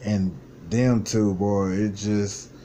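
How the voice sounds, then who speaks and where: A man in his twenties with a fairly low voice talks straight into his vlog. He is frustrated and vents bluntly, with a lot of swearing. A faint hiss sits behind him. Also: little pitch movement, slow, dark tone. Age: 20s. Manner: blunt, profane, frustrated venting. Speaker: vlogger. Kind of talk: personal vlog monologue.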